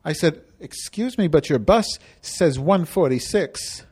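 A man's voice: a little high, expressive, unhurried, darkish tone, husky. A man performing a comedic monologue as a cranky, indignant woman from Chicago, rambling and theatrical.

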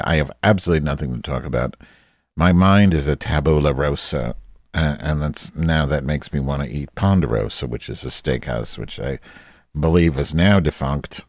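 A man's voice: very deep voice, darkish tone, no echo, clean studio sound. A man hosting a podcast, chatting casually in a rambling, self-deprecating way with campy asides. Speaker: podcast host. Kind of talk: casual solo chat.

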